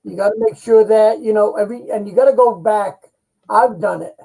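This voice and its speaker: A man's voice: high-pitched, a little fast, creaky, dark tone, rough recording. A man co-hosting a casual live-stream chat, giving folksy selling advice. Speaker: co-host.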